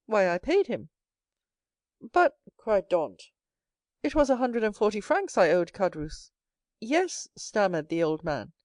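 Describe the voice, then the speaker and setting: A woman reading a classic novel aloud as an audiobook narrator, voicing each character herself and lifting her pitch for the young hero. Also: darkish tone, no echo, studio quality. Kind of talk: scripted narration.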